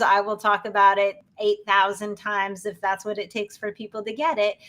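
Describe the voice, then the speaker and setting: A woman's voice: a little high, fairly bright tone. A woman hosting a podcast, speaking in an emphatic, motivational coaching manner. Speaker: podcast host. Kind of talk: podcast interview.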